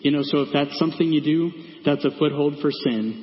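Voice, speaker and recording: A man's voice: on the high side, fairly quick. A man giving a conversational sermon in a church, with many fillers and asides. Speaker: preacher. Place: church sanctuary. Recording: echoey church hall, dull sound.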